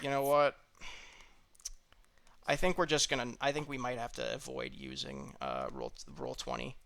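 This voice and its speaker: Fumbling, apologetic game master, bright voice. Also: male voice, medium pitch, lively intonation, moderate pace, gravelly. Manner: hesitant, apologetic, fumbling with fillers. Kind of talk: running a tabletop game online.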